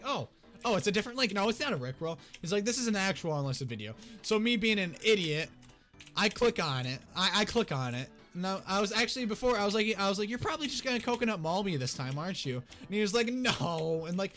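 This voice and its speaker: Young man, high-pitched, excitable, rambling, casual storytime, soft background music. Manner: excitable, rambling, restarts often. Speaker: YouTuber.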